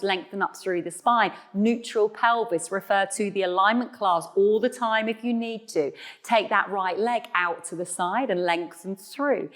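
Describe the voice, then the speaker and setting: A woman teaching an online Pilates class, cueing breath and counting reps with encouraging, chatty explanations. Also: mid-range voice. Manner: playful asides to viewers. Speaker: Pilates instructor. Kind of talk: guided online exercise class.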